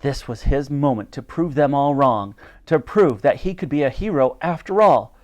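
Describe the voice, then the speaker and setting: A man reading a children's adventure book aloud, animated and switching between character voices. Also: mid-range voice, normal speed. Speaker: storyteller.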